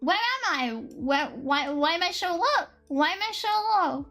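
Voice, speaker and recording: Very high-voiced giggly woman streamer. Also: unhurried. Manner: excitable, giggly and profane, thinking aloud. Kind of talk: casual live-stream chat. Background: faint lo-fi music.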